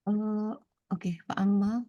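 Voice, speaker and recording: A woman's voice: mid-range voice, fairly even intonation, slow pace, warm tone, dry recording, dull audio. A woman student in an online class, answering hesitantly and thinking aloud.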